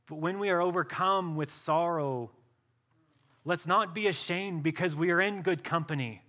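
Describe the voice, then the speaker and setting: Bright-voiced earnest male preacher. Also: fairly high pitch. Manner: earnest preaching, dropping soft and slow for emphasis. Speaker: pastor. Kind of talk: sermon.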